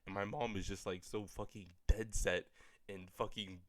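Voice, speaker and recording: A man's voice: low voice, a little fast, dry recording. A young man telling a personal story in a rambling, profane way, full of filler words. He is a little sick, and his voice sounds slightly off. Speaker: storyteller vlogger. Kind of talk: casual storytelling.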